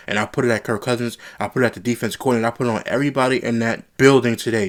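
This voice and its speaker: A man's voice: mid-range voice, steady tone, very fast, hardly any pauses. Young male sports commentator, solo reaction, blunt exasperated rant, mid-range voice.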